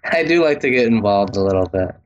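Friendly caller from Wisconsin. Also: male voice, on the low side, animated, brisk, highs cut off. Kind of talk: casual phone chat.

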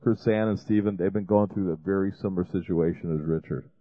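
Low-voiced man on a tinny line. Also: fairly even intonation, fairly quick, no echo, soft background music. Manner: rambling, with restarts and fillers. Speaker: ministry show host. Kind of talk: fundraising appeal. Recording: dry, phone-like lo-fi sound.

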